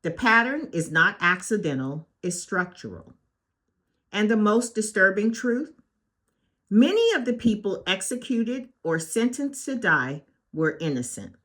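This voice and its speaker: Slow, lively-pitched woman. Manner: emphatic, deliberate, short punchy declarations. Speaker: host. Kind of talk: scripted spoken commentary.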